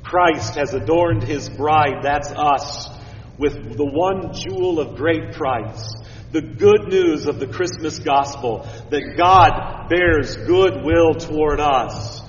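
A male pastor delivering a sermon in a slightly higher voice, dropping low and quiet then rising with emphasis. He is picked up from a distance in a big church, with a long reverb and a dull, muffled tone. A faint hiss sits under it. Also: slow. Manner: expressive, swings from hushed to emphatic. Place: church sanctuary. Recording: echoey church hall from far off, dull sound, faint hiss.

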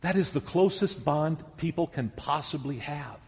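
A man preaching a sermon as pastor, deliberate and emphatic, repeating key words. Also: fairly high pitch, lively intonation, gravelly, darkish tone. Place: church sanctuary. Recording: dull sound with long church reverb.

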